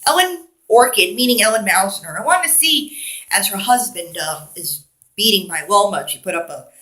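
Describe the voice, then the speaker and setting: A woman's voice: medium pitch, lively intonation, moderate pace, sharp tone. A woman vlogger in a rambling, digressive monologue, talking candidly and a little wheezy.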